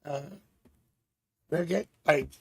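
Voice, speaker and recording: A man from Canada hosting a live tarot stream, chatting with viewers and thinking out loud as he reads cards. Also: a little high, takes it slowly, creaky, slightly rough, no echo. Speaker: tarot reader and livestream host.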